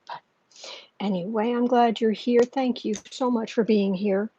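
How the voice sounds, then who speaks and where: A woman hosting a livestream as a tarot reader, chatting casually with many fillers and restarts, speaking softly and gently and sometimes dropping to a near whisper. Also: fairly high pitch, steady tone, unhurried, dull audio, slight background noise. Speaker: tarot reader and channel host.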